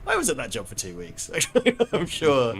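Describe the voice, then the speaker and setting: A man chatting casually on a gaming livestream, swearing and now and then bursting into excited shouts. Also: medium pitch, moderate pace, creaky. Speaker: livestream co-host playing the game. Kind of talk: casual chat while gaming.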